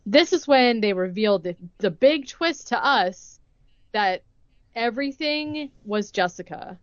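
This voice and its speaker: A woman's voice: on the high side, animated, measured pace, no echo, dull audio. Rambling woman podcast host. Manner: rambling retelling full of "like" and acted-out quotes. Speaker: podcast co-host recapping a movie. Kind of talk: casual chat.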